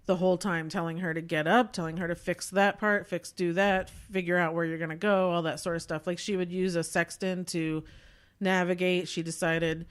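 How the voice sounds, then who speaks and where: A woman's voice: on the low side, little pitch movement, normal speed, smooth. A woman co-hosting a podcast, reviewing a movie in a chatty, rambling way with many fillers. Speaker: podcast co-host. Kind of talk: casual chat, movie review.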